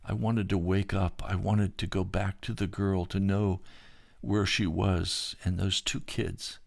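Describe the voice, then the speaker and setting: Male narrator, low register, dry close recording; halting first-person recollection of a dream vision. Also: little pitch movement, vocal fry, dry recording. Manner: halting, with repeated words and restarts.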